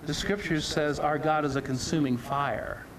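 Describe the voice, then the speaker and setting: A man's voice: a little high, fairly even intonation, normal speed, a little hiss or hum. A man preaching a sermon, earnest and emphatic, often repeating and restarting his phrases.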